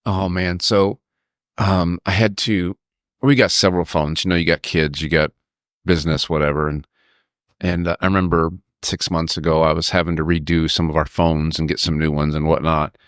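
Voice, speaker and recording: A man co-hosting a podcast, telling a personal story with halting pauses and acting out quoted people in a higher voice. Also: dry recording, studio quality. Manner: halting, stops to steady himself when emotional; acts out quoted people with raised pitch. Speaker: podcast co-host.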